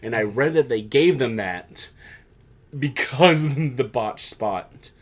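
A man co-hosting a casual chat show, recapping events in a rambling, animated way with many fillers and restarts. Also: mid-range voice, slow pace. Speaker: podcast co-host.

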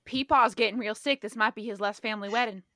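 A woman's voice: on the high side, steady tone, quick pace, pushed and bright, slight background noise. A woman voicing an adult woman adventurer who chats and fibs glibly while posing as a wedding guest. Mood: fibbing. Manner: chatty, fibbing glibly.

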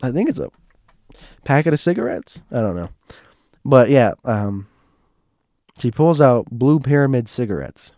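A man hosting a podcast, telling a casual anecdote in a rambling, animated way and jumping higher when he quotes himself. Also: a little slow, pauses often, dry recording, clean studio sound. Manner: animated, rises in pitch when quoting himself; rambling, with many fillers. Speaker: podcast host.

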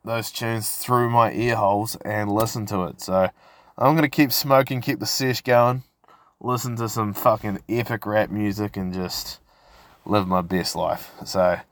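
A man's voice: lowish voice, steady tone, measured pace. A man hosting a casual solo podcast, rambling and swearing as he tells stories. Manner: rambling, sweary, laid-back storytelling. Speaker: podcast host.

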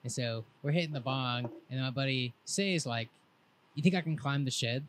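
A man's voice: mid-range voice, normal speed, a little hiss or hum. Laid-back young man telling a rambling story. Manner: laid-back rambling storyteller, quotes friends in lively voices. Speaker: podcast co-host. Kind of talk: casual storytelling chat.

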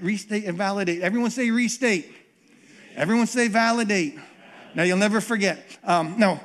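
A pastor preaching a conversational sermon, often repeating words and acting out what people say. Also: male voice, high-pitched.

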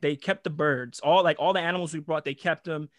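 A man's voice: a little high, steady tone, brisk, no echo, clean studio sound. A young man from New York with a New York accent, telling a prank story in a casual, profane, slangy chat and acting out the voices. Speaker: guest storyteller.

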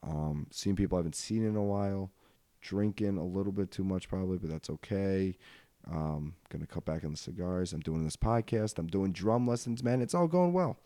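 A young man with a low, mellow voice hosts a podcast alone and rambles through stories, filling gaps with frequent ums and uhs. The sound is dry and close, with no room around it. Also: moderate pace, dry recording. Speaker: podcast host. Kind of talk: rambling solo podcast chat.

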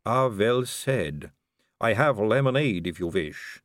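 A man's voice: on the low side, animated, takes it slowly, no room sound, clean studio sound. A man voicing a poised, middle-aged female vampire aristocrat, polite and gracious with a light teasing edge.

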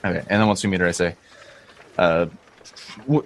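A man's voice: sits low, a little fast, a little hiss or hum. A man playing a tabletop game, talking earnestly in character with hesitant restarts. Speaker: player. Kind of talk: tabletop role-play in character.

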